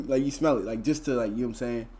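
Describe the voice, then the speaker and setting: A man's voice: mid-range voice, fast talker, mellow. A young man, telling a story to his live chat in a laid-back, slangy, rambling way full of fillers. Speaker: streamer.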